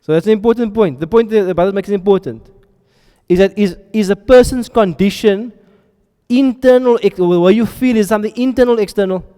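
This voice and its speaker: A man's voice: high voice, a little fast, warm tone, clean tone. Man teaching in a reverberant hall. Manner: keeps checking in with students, asks questions. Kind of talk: classroom grammar lesson.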